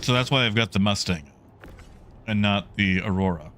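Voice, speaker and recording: A man's voice: on the low side, normal speed, a bit bright, a little hiss or hum. A man streaming a game, chatting casually and greeting viewers in the chat by name.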